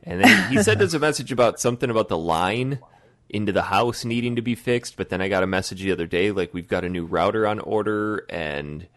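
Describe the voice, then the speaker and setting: A man's voice: fairly low pitch, sing-song, a little fast, a bit bright, no echo, clean studio sound. A man hosting a casual podcast, teasing his guests and laughing often. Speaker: podcast host.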